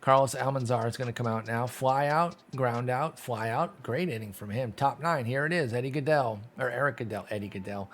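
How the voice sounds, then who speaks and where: A man giving casual play-by-play commentary over a sim baseball game, calling out results quickly and joking. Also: mid-range voice, a little hiss or hum. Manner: animated, quick call-outs, self-deprecating laughs. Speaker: gaming YouTuber.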